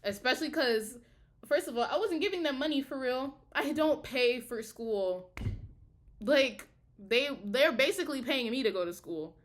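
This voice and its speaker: A woman's voice: sits high, animated, moderate pace. A young woman, a college student, talking heatedly and profanely in a casual video diary. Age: young adult. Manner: heated, profane, emphatic ranting.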